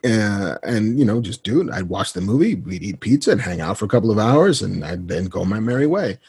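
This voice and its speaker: Husky guy on a podcast telling stories, swoops up high doing his buddy's voice. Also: lively intonation, brisk, a little mellow. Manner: acts out friend's lines in a higher, livelier voice; laid-back, self-deprecating, frequent restarts. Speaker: podcast guest. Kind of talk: casual interview storytelling.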